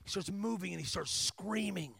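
A man preaching a sermon as a guest speaker, telling stories energetically with humor, asides to the crowd and emphatic shouts. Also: high-pitched, normal speed, vocal fry, slightly rough, no echo. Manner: energetic storytelling with humor and call-and-response asides; emphatic, rising to shouts at climaxes.

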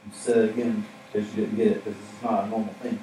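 A man's voice: on the low side, quick pace. A man preaching a casual, conversational sermon, telling a story with frequent laughs and acted-out quotes. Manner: animated storytelling, laughs often, acts out quotes. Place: church hall. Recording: echoey hall from far off, faint room noise.

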